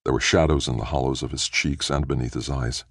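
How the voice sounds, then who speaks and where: A man narrating an audiobook in a steady, measured storytelling manner. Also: rumbling low, dry recording, studio quality. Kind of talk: scripted narration.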